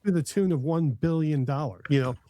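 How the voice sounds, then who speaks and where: A man's voice: fairly high pitch, fairly quick, mellow, no echo. A middle-aged man chatting casually as a podcast host, enthusiastic and rambling with many fillers and restarts. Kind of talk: casual chat.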